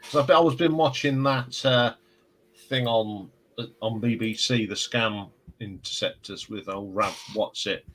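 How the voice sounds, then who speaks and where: A man's voice: fairly low pitch, measured pace, fairly bright tone, poor audio. A man hosting a casual live stream, chatting and telling rambling stories. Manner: rambling, chatty storyteller with restarts. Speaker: livestream host.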